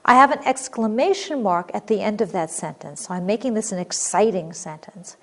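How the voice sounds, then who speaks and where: A woman teaching a recorded grammar lesson, reading example sentences clearly and expressively, then explaining them. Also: mid-range voice, fairly quick, fairly bright tone.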